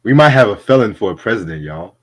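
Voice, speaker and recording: A man hosting a casual livestream chat, laid-back and slangy, laughing often. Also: on the low side. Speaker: podcast host.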